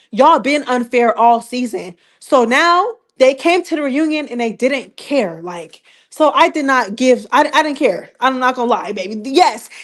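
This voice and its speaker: A young woman hosting a live-stream recap, talking in a casual, slangy way and teasing with repeated rhetorical questions. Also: a little high.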